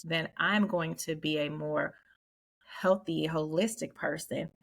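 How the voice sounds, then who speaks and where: A woman's voice: low-pitched, steady tone, unhurried, vocal fry, husky. A woman hosting a casual group talk, speaking earnestly and preachily with frequent laughs. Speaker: podcast host.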